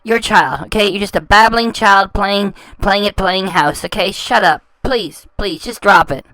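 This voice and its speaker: A woman's voice: mid-range voice, moderate pace, pushed and bright, no room sound, low-quality recording. A woman hosting a reaction channel, talking over clips in a scornful, insulting way and often stumbling and repeating words. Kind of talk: mocking commentary over clips.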